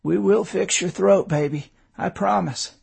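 A man voicing a groggy, injured husband who speaks with effort and halting restarts. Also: high voice, creaky, darkish tone, slightly rough, voice pushed up, exaggerated voice.

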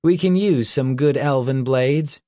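A cocky, cruel young male leader of a forest band, put on by a man narrating an audiobook. His voice sits higher and louder than the narration, bossy and mocking. The delivery is slow and the sound is dry. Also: no echo, lightly acted. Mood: commanding. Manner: taunting, commanding. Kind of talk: audiobook character voice.

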